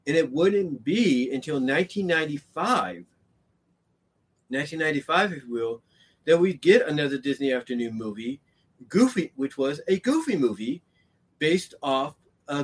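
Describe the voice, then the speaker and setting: A man talking about cartoons in a casual, rambling monologue, full of fillers and restarts, and he gets more excited as he goes. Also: medium pitch, normal speed, slightly rough. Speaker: commentator on animation history.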